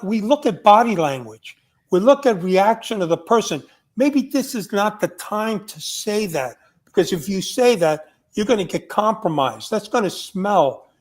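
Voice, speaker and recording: An older man, a retired undercover agent, telling stories in a blunt, emphatic podcast conversation. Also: high voice.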